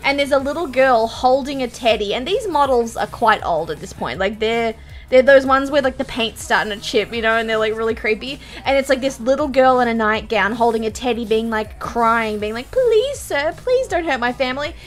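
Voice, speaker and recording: A young woman, telling stories and reacting on a stream in a giggly, animated way, swearing casually. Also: a little high, fairly quick.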